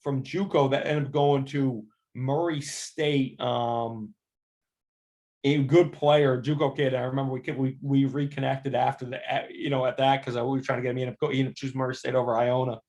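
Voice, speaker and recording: A man in his thirties, an assistant basketball coach, telling stories as a guest in a casual interview, animated and full of restarts. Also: mid-range voice. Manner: animated storyteller, quick restarts, acts out quoted voices.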